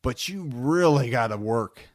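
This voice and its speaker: A man's voice: mid-range voice, lively intonation, unhurried, no room sound, clean studio sound. A man co-hosting a podcast in casual chat, rambling and repeating words with enthusiasm. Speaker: podcast co-host.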